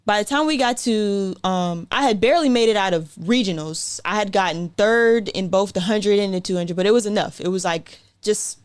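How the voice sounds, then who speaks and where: Woman in her twenties, guest sprinter, chatty and animated, mid-range voice, dry close sound. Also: medium pitch, normal speed, few pauses, clean tone, no echo. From South Carolina, USA. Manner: chatty, animated, acts out quotes, frequent "like" and light laughs. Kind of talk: casual interview storytelling.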